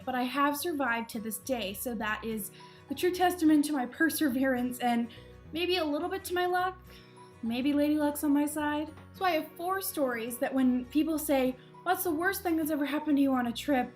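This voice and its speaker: Young woman, high voice, casual vlog storytelling, chatty, self-deprecating, laughs a lot, faint music behind. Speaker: vlogger.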